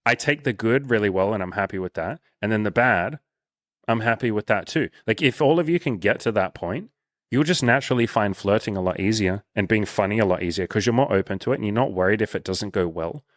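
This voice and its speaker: Animated, swearing man with a low voice. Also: fairly quick, dry recording, studio quality. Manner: animated, swears freely, acts out quoted dialogue. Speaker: dating coach and host. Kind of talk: casual coaching interview.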